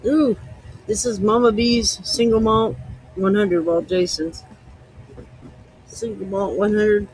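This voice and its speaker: A man's voice: high-pitched, fairly even intonation, slow, pauses often, darkish tone, slightly rough, no room sound, poor audio. A man hosting a podcast, chatting casually in a loose, rambling way while he tastes liquor. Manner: rambling, loose, easygoing storytelling. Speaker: podcast host.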